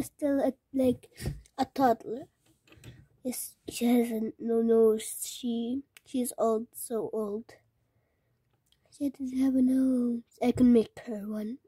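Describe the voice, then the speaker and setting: Soft breathy young girl gushing over toys. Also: on the high side, dry recording, clean studio sound. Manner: gushing, excitable, drops into whispers. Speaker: toy collection vlogger. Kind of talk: casual toy show-and-tell, often whispered.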